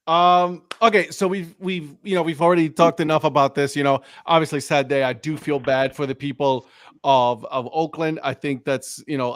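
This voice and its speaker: A man's voice: fairly high pitch, dry recording, studio quality. A man hosting a casual sports talk stream, rambling loosely with lots of fillers and "right?" tags. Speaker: show host. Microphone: live stream mic.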